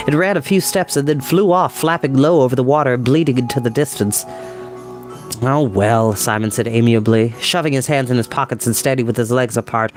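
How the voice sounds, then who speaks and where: A man reading a children's novel aloud as a storyteller, measured and expressive. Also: medium pitch.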